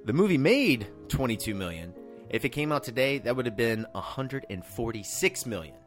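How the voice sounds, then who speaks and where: A man's voice: mid-range voice, very animated, moderate pace, faint music behind. A man co-hosting a film podcast in casual chat, laughing often and swearing casually. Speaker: podcast co-host.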